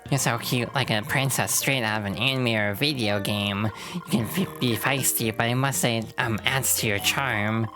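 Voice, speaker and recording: A woman's voice: a bass voice, moderate pace. A woman voicing a nerdy, lovestruck male chameleon lord who stammers and gets flustered, with game music behind. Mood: smitten.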